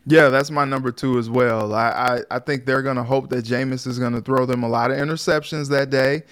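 A man co-hosting a sports talk show in a relaxed, rambling way with lots of fillers. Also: medium pitch, brisk, clear, resonant tone. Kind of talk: casual sports chat.

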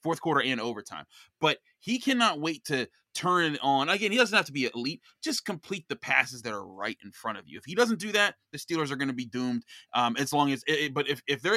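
A young man telling a football story in excited podcast chat, with lots of restarts. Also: fairly high pitch, no echo. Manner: animated storyteller with many restarts. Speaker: podcast host of a football show, guest.

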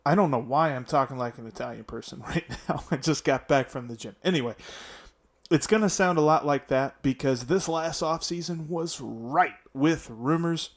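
A man's voice: fairly high pitch, normal speed. A man hosting a sports podcast alone, talking in a chatty, upbeat and self-deprecating way. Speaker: podcast host. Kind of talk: casual solo sports podcast monologue.

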